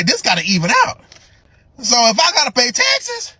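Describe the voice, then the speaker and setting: Bright high-voiced man joking about debt. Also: huge pitch swings, normal speed, breathy edge. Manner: joking, laughs through his talk, slangy. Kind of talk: casual social media rant.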